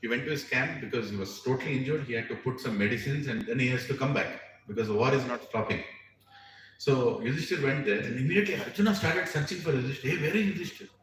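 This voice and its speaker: A man's voice: medium pitch, fast talker, a bit bright, slight background noise. A man with an Indian English accent telling a scripture story as a lecture, acting out the characters' voices and laughing often. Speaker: spiritual teacher telling scripture stories. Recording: roomy distant mic with faint ambience.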